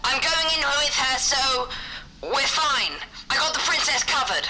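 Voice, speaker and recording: A man's voice: extremely high pitch, animated, a little slow, bright, forceful tone, soft background music, heavily acted, rough recording. A performer voicing an earnest, brave young boy lord who speaks with urgent resolve.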